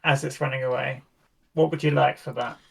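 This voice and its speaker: A man's voice: medium pitch, steady tone, a little fast, vocal fry, a bit bright, breathy edge. A man playing a tabletop game casually, laughing and reasoning out rules. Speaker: player.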